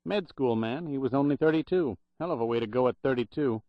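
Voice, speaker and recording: A man's voice: mid-range voice, a little fast, no echo, voice pushed up, lightly acted. A man doing a cocky young streetwise clerk. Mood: jaunty. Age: young adult. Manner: slangy, jaunty delivery. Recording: dull dry audiobook recording.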